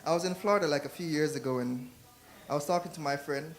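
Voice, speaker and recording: A man's voice: a little high, fast talker. A man from Jamaica with a Jamaican accent, doing a loose, chatty stand-up set on a club stage into a corded handheld mic. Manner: loose, chatty, laughs at own jokes. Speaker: stand-up comedian.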